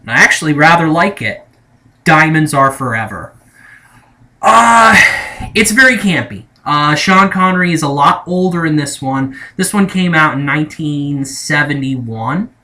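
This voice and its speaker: A man's voice: fairly high pitch, expressive, measured pace, noisy background. A young man talking casually as a movie reviewer, rambling and hesitant, often correcting himself mid-sentence. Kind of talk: casual spoken movie ranking.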